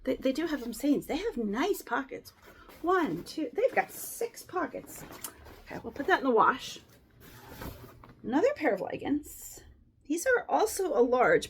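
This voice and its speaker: A woman's voice: sits high, sing-song, unhurried, slight background noise. A woman chatting casually and rambling as she sorts and resells clothing, sometimes dropping to whispered asides. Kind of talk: casual chat while sorting clothes.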